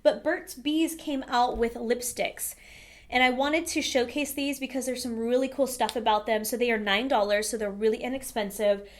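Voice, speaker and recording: A woman talks straight to camera in a relaxed makeup review, her voice sitting a little high. She chats candidly, with plenty of fillers along the way. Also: moderate pace. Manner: chatty, candid, frequent "um" and "like". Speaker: beauty vlogger reviewing makeup. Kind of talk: casual product review to camera.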